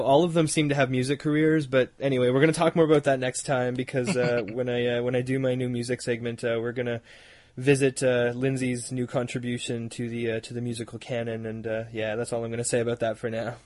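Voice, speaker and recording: A man's voice: mid-range voice, darkish tone, no room sound. A man from Halifax, Canada, co-hosting a podcast in casual chat, rambling with laughing asides and mocking imitations. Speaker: podcast co-host.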